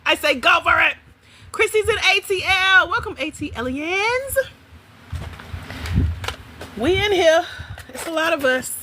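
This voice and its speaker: A woman hosts a casual livestream from home and talks straight to her viewers. Her voice is bright and her delivery is animated and chatty, with frequent laughs. A faint room hum sits under her voice. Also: very high voice, takes it slowly, long pauses. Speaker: livestream host.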